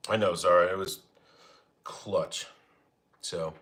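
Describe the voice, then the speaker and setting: A man's voice: on the low side, very animated, moderate pace. Young male streamer, casual and jokey, talks to chat while cooking at home. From Arizona, United States. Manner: joking, chatty, laughs often. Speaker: livestream cooking host. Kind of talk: casual live chat reading comments. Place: home kitchen.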